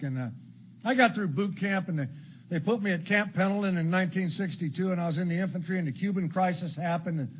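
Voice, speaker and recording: An older man from Illinois sharing his story at a recovery meeting, blunt and crude, with dark humor. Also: sits high. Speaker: AA speaker. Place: meeting hall before an audience. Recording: dull lo-fi talk recording with faint background noise.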